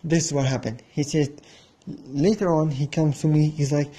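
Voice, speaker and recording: Male host, dark husky voice, unhurried rambling anecdote with quoted back-and-forth. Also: on the high side, steady tone. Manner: rambling, restarts, acts out the other side of a haggle. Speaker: podcast host. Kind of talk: casual storytelling monologue.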